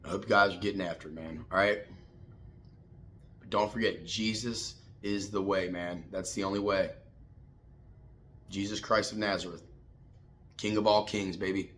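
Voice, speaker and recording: A fired-up man hosts a casual morning pep talk with a bright, forceful edge to his low voice. He swears freely and preaches hard, calling his listeners man and baby. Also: steady tone, normal speed, pauses often, a little hiss or hum. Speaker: host.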